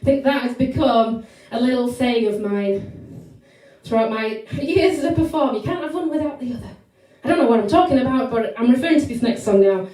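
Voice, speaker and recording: High-voiced, bubbly woman singer in an echoey room. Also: brisk, mellow. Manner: bubbly and chatty, talks straight to the audience. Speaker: vintage singer and performer. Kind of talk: chatty song introductions during a live stream. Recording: very echoey room, mic at a distance, backing music.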